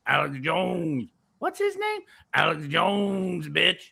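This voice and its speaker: A gruff huckster of a radio host, as a comedian puts him on, all gravel and rumble from the back of the throat. He boasts about himself and keeps pushing his products with a bright, cutting edge. The voice sits a little high for a man. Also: huge pitch swings, slow, heavily acted. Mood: boastful.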